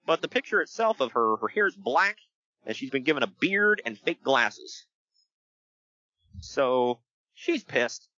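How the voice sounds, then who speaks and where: A man hosting a casual podcast, recapping wrestling in an animated storytelling way and laughing often. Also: mid-range voice, measured pace, pauses often, no echo, muffled recording. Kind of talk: casual chat.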